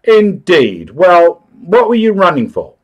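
A man's voice: high voice, wildly swooping pitch, slow, dull audio, voice pushed up, heavily acted. A man playing a stern, impatient magistrate. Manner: severe, impatient questioning. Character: stern, brusque male magistrate.

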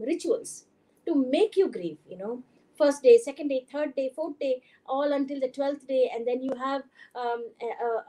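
A woman's voice: high voice, warm tone. Indian woman doctor lecturing conversationally. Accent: Indian English. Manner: conversational, frequent fillers, mixes Hindi phrases. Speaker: doctor giving a conference talk. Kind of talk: lecture presentation. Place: conference hall.

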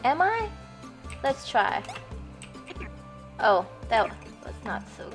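With faint game music in the background, a young woman talks through her gameplay slowly in a fairly high, sing-song voice. This gaming youtuber chats away, is easily startled and swears when she gets frustrated.

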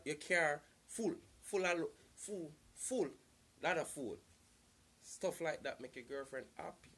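Man, casual advice vlogger, loose and repetitive, pitch a touch high. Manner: repetitive, loose and earnest, circling back to the same points. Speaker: vlogger giving relationship advice.

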